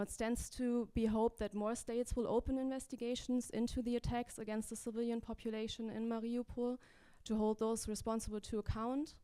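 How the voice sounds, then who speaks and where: Measured woman giving formal panel remarks. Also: a little high, mellow, clean tone. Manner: measured, formal, with small restarts. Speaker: legal advocate presenting at a panel. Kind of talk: read prepared remarks. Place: gallery event hall.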